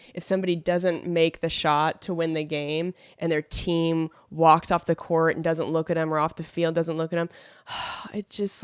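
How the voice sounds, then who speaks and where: A woman's voice: deep voice, clear, resonant tone, no room sound, studio quality. A woman co-hosting a podcast in casual chat, teasing at times and earnest when she explains herself. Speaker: podcast co-host.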